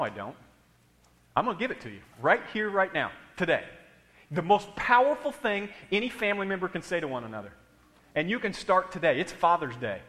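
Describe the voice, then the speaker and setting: A man's voice: a little high, pushed and bright, long reverb tail. A man preaching a sermon in a church, emphatic and speaking straight to the congregation. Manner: emphatic, addresses the congregation directly. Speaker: pastor. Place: church hall.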